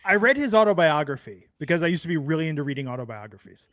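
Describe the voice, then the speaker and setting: A man's voice: fairly high pitch, very animated, racing, a bit bright, no room sound, clean studio sound. A man co-hosting a podcast in casual chat, a rambling storyteller who laughs often. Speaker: podcast co-host.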